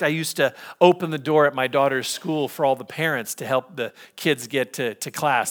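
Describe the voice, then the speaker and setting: Storytelling male pastor, slightly high voice. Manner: conversational storytelling, animated impressions. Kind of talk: sermon.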